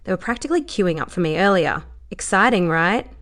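A woman's voice: mid-range voice, animated, moderate pace, close to an everyday voice. A woman voicing a cheerful, naive young dancer with a Southern accent, talking in a bubbly, gushing way.

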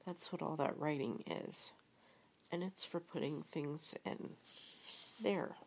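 Woman doing a cheerful storybook bear, low and gravelly, unhurried. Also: darkish tone, a little hiss or hum. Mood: earnest. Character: simple-minded, cheerful male teddy bear.

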